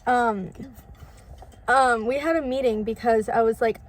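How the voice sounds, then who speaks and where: A woman's voice: on the high side, fairly even intonation, unhurried, low-quality recording. Chatty young woman, full of fillers. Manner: chatty, filler-heavy, laughing. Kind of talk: casual storytelling. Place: inside a car. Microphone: phone camera.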